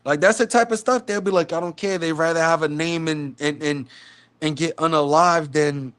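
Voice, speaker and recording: Animated man from the South Bronx. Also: fairly high pitch, moderate pace, clean tone. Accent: New York. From South Bronx, New York. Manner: animated, acts out quoted street talk. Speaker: live stream host. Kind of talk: casual storytelling chat.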